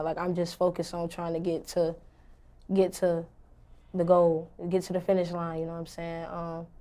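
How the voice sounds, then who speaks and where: A young woman rapper answering interview questions in a blunt, confident, slangy way. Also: lowish voice.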